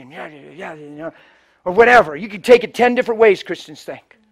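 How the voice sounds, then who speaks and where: High-voiced man preaching, loud to hushed. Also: wildly swooping pitch, fast, vocal fry. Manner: swings from loud preaching to hushed, near-whispered storytelling; acts out the people in his stories in quoted voices. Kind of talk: storytelling sermon.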